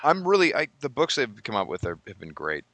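A man chatting casually on a podcast, telling animated stories and slipping into voices. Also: medium pitch, brisk, no room sound. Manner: animated storyteller, does voices in anecdotes. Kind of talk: casual chat.

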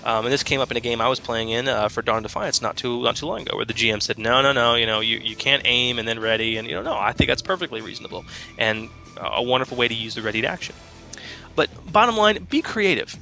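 A man co-hosting a tabletop gaming podcast, explaining rules in a chatty, rambling way full of fillers. His voice is bright and forward, with faint music under it. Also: medium pitch, fast talker, creaky. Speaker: podcast co-host and game master. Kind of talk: casual gaming podcast chat.

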